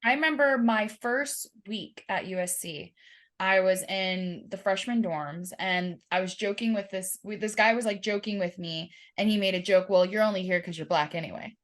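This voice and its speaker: A woman's voice: mid-range voice, normal speed, fairly bright tone. A woman hosting a podcast, telling stories conversationally with many filler words. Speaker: podcast host. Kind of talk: conversational interview chat.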